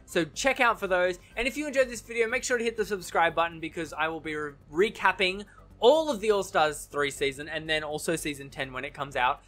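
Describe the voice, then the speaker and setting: In a TV recap vlog, a man chats about his opinions in a high-pitched voice. He's animated and talkative, laughs easily, and often corrects himself mid-sentence.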